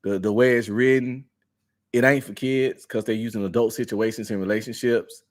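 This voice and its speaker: A man's voice: mid-range voice, steady tone, moderate pace. A man as a podcast guest in casual chat, slangy and joking with frequent laughs.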